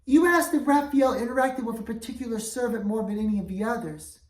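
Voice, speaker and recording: A woman's voice: fairly high pitch, brisk, pitched above the performer's own voice, close to an everyday voice. A woman voicing a polite, earnest servant who speaks up in a raised, eager voice, in a roomy recording from a distance. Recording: roomy, voice away from mic.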